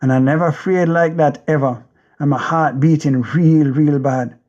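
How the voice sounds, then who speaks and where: A man's voice: fairly high pitch, fairly even intonation, moderate pace, a little mellow, highs cut off. A man with a Jamaican accent narrating an audiobook in the first person, intense and rhythmic, with driving repetition.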